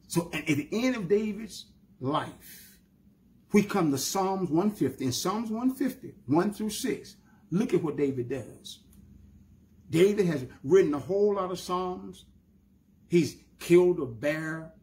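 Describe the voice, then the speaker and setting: A man with a Southern US accent preaching a sermon as pastor, with emphatic rising bursts and slow drawn-out lines. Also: fairly high pitch, darkish tone.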